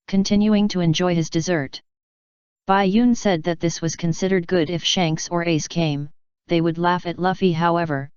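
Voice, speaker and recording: A woman reading a fanfiction audiobook in an even, unhurried way. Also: lowish voice, smooth, no room sound. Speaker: audiobook narrator. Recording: dry, slightly dull recording.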